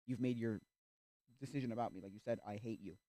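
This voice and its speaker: A male streamer in casual chat, rambling with restarts and acting out little quoted exchanges, sometimes breaking into loud rants. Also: fairly low pitch, fast, dry recording. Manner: gets loud and ranting.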